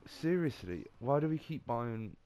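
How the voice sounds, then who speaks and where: A man's voice: medium pitch, big pitch swings, unhurried, warm tone, muffled recording. A young man ranting and swearing while playing a football video game. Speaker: gamer. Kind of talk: angry gameplay commentary.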